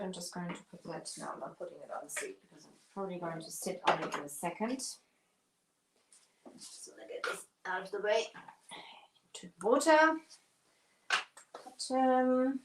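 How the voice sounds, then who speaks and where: A woman's voice: medium pitch, lively intonation, moderate pace, pauses often, heavy background noise. A woman who owns a craft shop, hosting a casual live stream. She talks while she works and thanks her viewers by name. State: out of breath.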